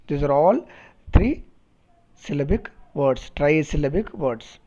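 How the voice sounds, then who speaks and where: A man with an Indian English accent teaching a phonetics lesson, speaking slowly and deliberately and repeating words to model their pronunciation. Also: a little high, expressive, mellow. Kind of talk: recorded phonetics lecture. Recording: dull lo-fi recording.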